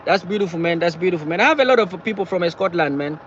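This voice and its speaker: A man chatting casually on a live stream from his car, talking in halting bursts and repeating himself as he answers viewers. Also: sits high, lively intonation, fairly bright tone, dull audio, a little hiss or hum. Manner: halting, repeats words and phrases often. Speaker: livestreamer reading viewer chat. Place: in or beside a parked car.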